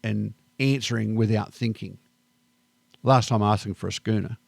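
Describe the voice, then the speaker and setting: A middle-aged Australian man with an Australian accent, reflecting calmly and thoughtfully in a personal vlog monologue. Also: fairly low pitch, gravelly, no echo. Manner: calm, unhurried and thoughtful. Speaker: vlogger.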